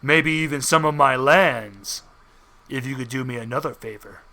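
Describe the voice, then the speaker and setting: A man voicing a calm, scheming male god with four arms and three faces, speaking in a measured, bargaining way. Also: medium pitch, a little hiss or hum, pitched below the performer's own voice.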